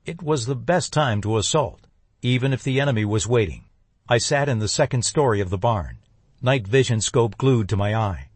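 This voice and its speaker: A man narrating a first-person thriller audiobook in a measured, tense voice. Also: medium pitch, breathy edge, dry recording.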